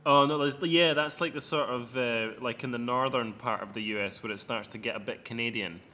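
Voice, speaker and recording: A man's voice: medium pitch, a little fast, pushed and bright, slight background noise. An Englishman co-hosting a podcast, teasing his partner and laughing easily in casual chat. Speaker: podcast co-host.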